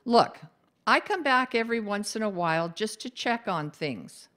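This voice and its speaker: A woman voicing a bossy, cheerful female ghost who likes to meddle, in a brisk, upbeat way. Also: mid-range voice, animated, a bit bright, lightly acted.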